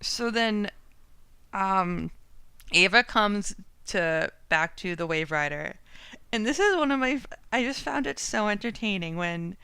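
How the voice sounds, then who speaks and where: A woman's voice: medium pitch, expressive, unhurried, vocal fry, sharp tone, clean tone, no room sound. A woman co-hosting a podcast in casual chat, talking with lots of fillers and laughing often. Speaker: podcast co-host.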